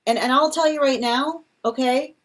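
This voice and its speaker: A woman's voice: high-pitched, normal speed, a little hiss or hum. Rambling, exasperated woman reading tarot. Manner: rambling, many restarts, exasperated asides; laughs often while mocking. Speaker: tarot reader.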